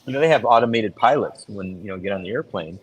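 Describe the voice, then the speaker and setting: A middle-aged man chatting casually as a podcast co-host, telling stories and acting out quoted voices with big jumps in pitch. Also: lively intonation, fast talker, breathy edge, low-quality recording. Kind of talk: casual chat.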